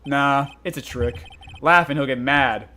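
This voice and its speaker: A man's voice: mid-range voice, unhurried, pushed and bright, a little hiss or hum. A man voicing a flustered young male defense lawyer with exasperated, stammering retorts.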